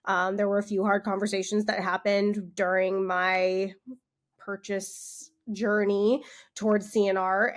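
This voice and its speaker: A woman, a magazine owner, talking as a guest in a casual interview, chatty and upbeat, laughing easily. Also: mid-range voice.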